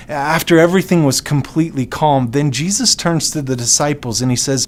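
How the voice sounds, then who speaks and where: A man's voice: on the high side, a little fast, few pauses. A man giving a short devotional talk as a preacher, earnest and conversational.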